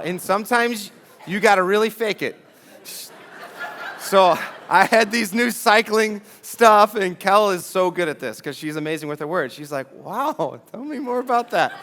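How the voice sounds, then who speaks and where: A man's voice: high-pitched, moderate pace, fairly bright tone, a little hiss or hum. A middle-aged man preaching a sermon in church, talking conversationally and asking the audience rhetorical questions. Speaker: pastor.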